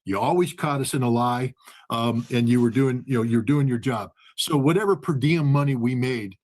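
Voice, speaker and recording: Male guest, husky voice, animated storyteller who acts out the dialogue. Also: mid-range voice, moderate pace. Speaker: guest, former weapons inspector. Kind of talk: storytelling in a conversation.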